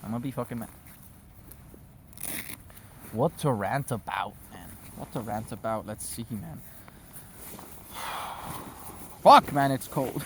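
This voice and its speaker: A man's voice: mid-range voice, slow pace, pauses often, slight background noise. A man vlogging outdoors on his phone at sunset, rambling loosely with constant swearing. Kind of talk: casual rambling rant to camera.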